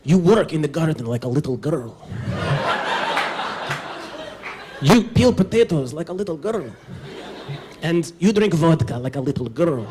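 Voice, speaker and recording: A man voicing a gruff, grumbling old grandfather who barks curt, scornful commands. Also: lowish voice, slow pace, background noise, pitched below the performer's own voice.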